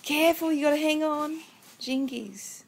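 A woman's voice: high-pitched, normal speed, vocal fry, slight background noise. A mother at home, filming her toddler on a phone and chatting to the child in a playful, sing-song baby-talk voice with chuckles. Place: at home indoors. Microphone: phone camera.

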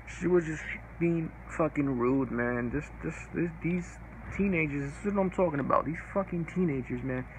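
A man vents on his vlog in an angry, profane rant, circling back to the same complaints again and again. His voice sits a little high for a man, and a faint hiss of noise runs under the recording. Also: moderate pace, rough recording. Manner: angry, profane, repetitive ranting. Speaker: vlogger. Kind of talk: casual ranting to camera.

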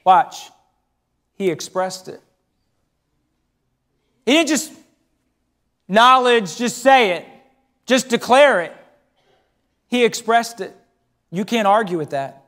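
A middle-aged pastor delivers a sermon in a church, his voice sitting high for a man. He pushes up into emphatic, ringing phrases, then drops into quieter, intimate storytelling. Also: animated, takes it slowly, long pauses. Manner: preaching with emphatic rises and hushed storytelling.

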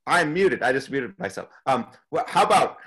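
A man leading a beatboxing workshop over a video call, upbeat and playfully imitating animal sounds in a high voice. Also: lively intonation, moderate pace. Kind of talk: leading an online group session.

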